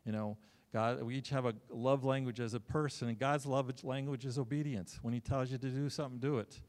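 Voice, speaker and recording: A middle-aged male pastor delivering a sermon, telling stories with sudden loud bursts and joking asides. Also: mid-range voice, steady tone, a little fast. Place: church sanctuary. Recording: long hall reverb.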